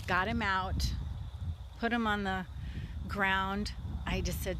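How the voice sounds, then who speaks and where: A woman's voice: mid-range voice, steady tone, measured pace, long pauses. A middle-aged woman chats in a loose, conversational way, full of ums and restarts. She is recording outdoors in the woods, and a faint hiss of open air sits under her voice. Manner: conversational, many fillers and restarts. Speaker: vlogger talking about leadership. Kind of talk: casual spoken story.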